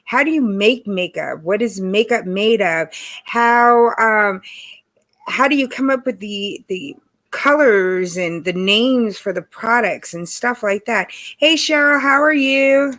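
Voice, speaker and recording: A woman hosting a casual livestream, chatty and greeting viewers by name, her voice hoarse from allergies. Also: fairly high pitch, animated, takes it slowly, a bit bright. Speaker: livestream host. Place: home in Texas.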